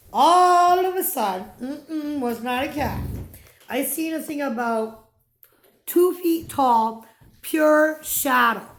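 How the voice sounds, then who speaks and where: A woman vlogger telling a personal ghost story in a casual, dramatic way, dropping to whispers and swearing freely. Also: a little high. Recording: echoey room.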